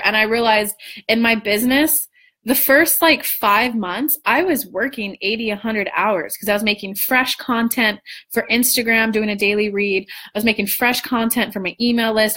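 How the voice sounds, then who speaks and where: A woman in her thirties telling a personal story to her viewers in a casual, animated way, swearing freely and acting out what people said. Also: fairly high pitch. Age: 30s. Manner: animated, swearing, acts out quoted dialogue. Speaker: spiritual coach and vlogger.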